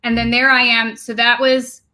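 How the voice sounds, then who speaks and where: A woman's voice: a little high, flat delivery, normal speed, bright, forceful tone. A middle-aged woman with a New York accent, co-hosting a casual livestream chat and laughing often. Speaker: livestream co-host.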